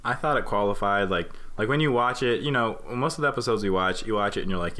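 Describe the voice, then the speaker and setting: A young man co-hosting a podcast, cracking quick jokes and playful asides in casual chat. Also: on the low side, pushed and bright. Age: young adult. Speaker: podcast co-host.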